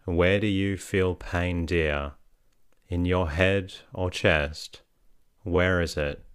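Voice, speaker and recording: A man reading as a gentle, patient young woman. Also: deep voice, fairly even intonation, slow pace, clear, resonant tone, dry recording, clean studio sound. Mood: tender. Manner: soothing, tender.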